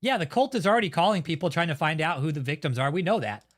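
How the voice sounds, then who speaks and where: High-voiced man ranting with profanity. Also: expressive, fast talker. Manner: heavily profane, heated and blunt. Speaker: channel host. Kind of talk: angry ranting commentary.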